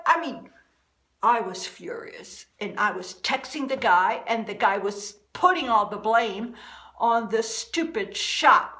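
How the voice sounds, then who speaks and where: A woman's voice: on the high side, expressive, takes it slowly, sharp tone, low-quality recording. A woman vlogger delivering a furious, repetitive rant to the camera. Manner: furious, repeating herself, emphatic.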